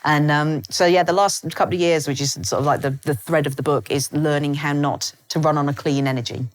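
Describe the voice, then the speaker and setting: Low-voiced, fast-talking woman in her fifties. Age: 50s. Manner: rapid, animated storytelling with frequent laughs; self-deprecating and comic. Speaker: guest author. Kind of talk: live podcast conversation.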